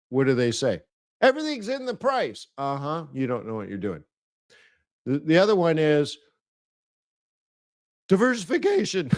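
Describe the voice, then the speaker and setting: Male webinar host, mid-pitched, chatty and playful, mimics people for laughs. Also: darkish tone. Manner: chatty, laughs at his own jokes. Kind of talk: live webinar presentation.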